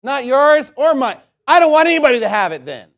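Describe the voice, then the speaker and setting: A shrill, dismissive woman full of spite and cold rage, as a preacher puts her on. She snaps her lines in a raised, pinched voice, bitter and careless of the child. The pitch sits well above a man's usual range. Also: sing-song, fairly quick, darkish tone. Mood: spiteful.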